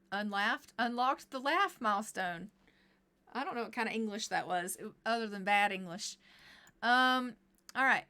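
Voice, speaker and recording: Bright, chatty woman streamer. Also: fairly high pitch. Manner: chatty, narrates what her characters say. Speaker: game streamer. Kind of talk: live gameplay commentary.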